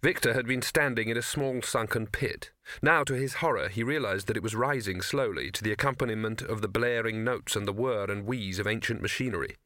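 A man narrating an audiobook with measured, even storytelling. His voice is bright and forward. The recording is close and dry. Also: on the low side, no room sound. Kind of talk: scripted narration.

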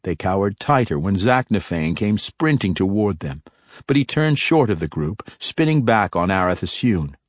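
A man narrating a fantasy audiobook in an even, measured way. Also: on the low side, no echo, clean studio sound.

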